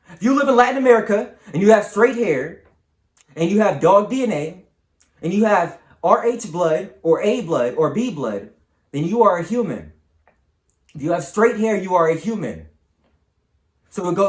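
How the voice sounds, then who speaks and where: A man's voice: sits high, reverberant. A man hosting his channel, delivering an emphatic, repetitive, preaching monologue to the camera. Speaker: channel host.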